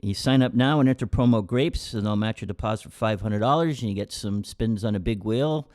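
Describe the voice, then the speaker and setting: A man's voice: on the low side, fairly quick, a little mellow. A man co-hosting a casual podcast with his father, asking questions, retelling jokes and reading a sponsor spot. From Canada. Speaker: podcast co-host, son of the main host. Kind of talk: casual chat with ad read.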